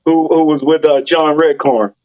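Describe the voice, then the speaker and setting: A man's voice: a little high, animated, normal speed, dull audio, over music. A man hosting a casual panel podcast, teasing his guests and swearing freely. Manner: joking, profane, teasing the panel. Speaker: podcast host.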